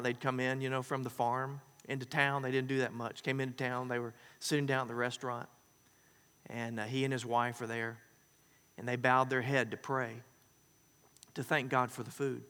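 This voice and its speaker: A man preaching a sermon, folksy and joking, telling stories in an animated way. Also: medium pitch, big-room sound. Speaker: pastor.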